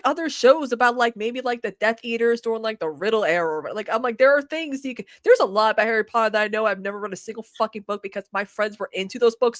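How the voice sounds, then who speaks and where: A woman in her thirties co-hosting a podcast, chatting in an animated, rambling way with quick asides and swearing. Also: a little high, dry recording, studio quality. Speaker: podcast co-host. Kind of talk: casual chat.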